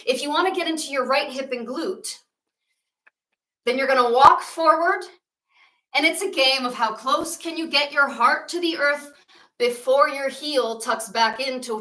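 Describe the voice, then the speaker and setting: A woman's voice: sits high, pushed and bright, roomy sound, recorded from a distance, low-quality recording. A woman leading a guided yoga class and telling a myth along the way, with playful, jokey asides. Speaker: yoga teacher.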